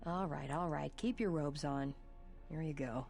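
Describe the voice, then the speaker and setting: A woman voicing a brash, teasing young bounty hunter who talks in a casual, quick-witted way. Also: low voice, gravelly. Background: game music.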